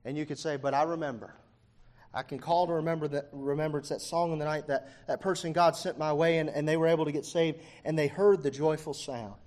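A man with a notably high voice delivers a sermon. His fervour swings from quiet, close passages to ringing near-shouts. He leans on "uh" as he moves from one phrase to the next. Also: fairly even intonation, fast talker, hardly any pauses. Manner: frequent "uh" fillers. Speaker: preacher.

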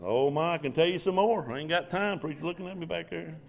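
A preacher, telling a sermon testimony in a folksy storytelling way with quoted dialogue. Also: male voice, fairly high pitch, fast talker, vocal fry.

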